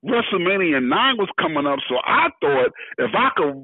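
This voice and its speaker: Man, storytelling guest, lively up-and-down voice, slightly high, tinny phone-line sound. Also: moderate pace, vocal fry, a little hiss or hum. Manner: lively, acts out quoted voices, laughs while telling. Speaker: guest, rapper and entertainer. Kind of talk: animated storytelling in an interview. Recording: tinny dry phone-like audio.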